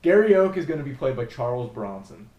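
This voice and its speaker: A man co-hosting a casual chat show, animated and laughing, with swings between loud and soft. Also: medium pitch, brisk, highs cut off. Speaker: podcast co-host. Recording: echoey room, off mic.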